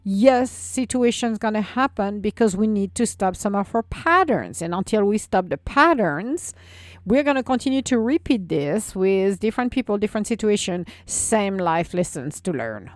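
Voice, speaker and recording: A woman's voice: mid-range voice, animated, moderate pace, no room sound, studio quality. Blunt woman giving a tough-love pep talk. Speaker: podcast host. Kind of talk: solo self-help talk.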